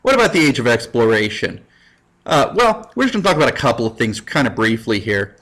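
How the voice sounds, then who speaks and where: A man's voice: medium pitch, sing-song, a little fast, a bit bright. A man teaching a recorded history lesson in a casual, playful way, with goofy asides and put-on quotes. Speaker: high school history teacher. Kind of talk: jokey recorded lecture.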